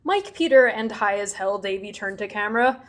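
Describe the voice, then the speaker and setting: A woman's voice: medium pitch, animated, a little fast. A woman co-hosting a podcast, recapping a TV episode in casual chat, laughing often and acting out lines from the scenes. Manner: giggly, recaps scenes and acts out quotes. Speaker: podcast co-host.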